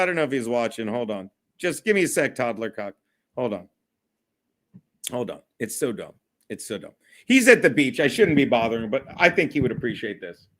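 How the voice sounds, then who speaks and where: A man's voice: medium pitch, a bit bright. A man hosting a casual solo livestream, rambling, swearing and often breaking into laughter. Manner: profane, giggly, rambling. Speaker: livestream host.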